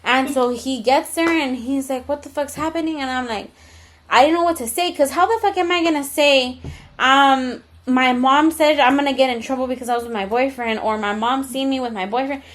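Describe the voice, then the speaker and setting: A woman's voice: sits high, normal speed, fairly bright tone. A young adult woman co-hosting a podcast, telling a personal story in casual chat. She speaks candidly, swears freely and drops in Spanish slang. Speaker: podcast co-host.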